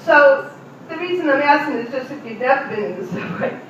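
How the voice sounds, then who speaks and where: A woman's voice: sits high, animated, fairly quick, a bit bright, a little hiss or hum. A middle-aged woman doing a stand-up comedy routine, chatting directly with audience members in a live venue. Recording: distant, echoey, muffled room recording.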